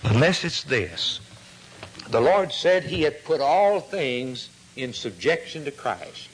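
A man's voice: medium pitch, sing-song, slow pace, breathy edge, rough recording. Fervent preacher man. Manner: fervent, rhetorical questions, drops to hushed tones. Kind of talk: sermon.

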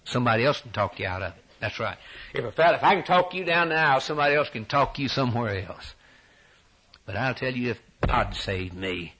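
A man preaching a sermon in a rhythmic cadence, climbing to high, shouted peaks and dropping back to quiet asides. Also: animated, fairly quick, breathy edge.

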